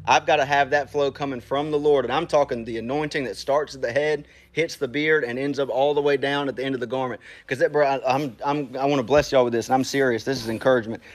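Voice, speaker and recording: Animated male preacher. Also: mid-range voice, fast, few pauses. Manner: animated, conversational, talks straight to the congregation. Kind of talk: casual sermon.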